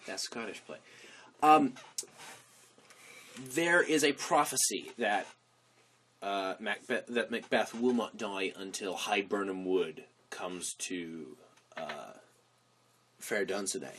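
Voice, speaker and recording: A man's voice: on the low side, takes it slowly, pauses often, fairly bright tone, slight background noise. A young man co-hosting a podcast, chatting casually and telling rambling, enthusiastic stories. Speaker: podcast co-host. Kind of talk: casual chat.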